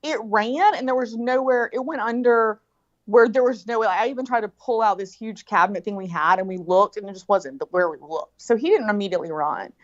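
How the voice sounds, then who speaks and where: A middle-aged woman telling a story in casual chat, animated and profane, acting out what people said. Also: medium pitch, brisk. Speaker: guest. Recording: dull lo-fi sound.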